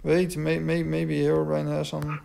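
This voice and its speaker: A man's voice: fairly high pitch, completely flat delivery, moderate pace, gravelly. A man giving casual gameplay commentary, talking to the dogs in the game, puzzled and mocking himself. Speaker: gaming commentator. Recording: loud background noise.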